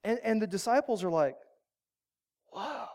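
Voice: mid-range voice, lively intonation, moderate pace. A pastor giving a casual, joking sermon that walks the congregation through a Bible reading.

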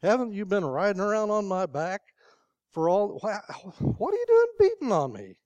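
A man's voice: sits high, wildly swooping pitch, normal speed, a little mellow, dry recording, voice pushed up. A man voicing an indignant talking she-donkey. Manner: pleading, indignant protests. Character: exasperated talking female donkey.

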